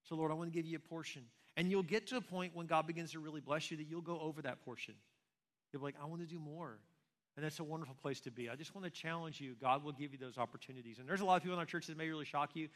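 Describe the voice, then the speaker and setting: A man's voice: on the high side, racing, fairly bright tone. A man preaching a sermon as pastor, conversational and full of rhetorical questions. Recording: long reverb of a large hall.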